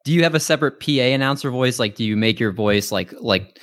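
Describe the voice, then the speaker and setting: A man's voice: medium pitch, quick pace, a bit bright, no room sound. A man hosting a podcast, chatting casually with upbeat, hyped introductions over a remote call mic. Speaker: podcast host.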